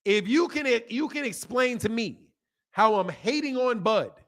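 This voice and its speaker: A man's voice: extremely high pitch, animated, a little slow, a bit bright. A man from the Midwest hosting a boxing live stream, chatting loosely and joking while he reads chat comments aloud. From American Midwest. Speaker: boxing channel host.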